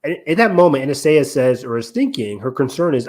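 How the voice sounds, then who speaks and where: A man's voice: mid-range voice, fast. Man analyzing a show in podcast chat. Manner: analytical, steady explaining with frequent ums and restarts. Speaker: podcast co-host. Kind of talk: casual podcast discussion.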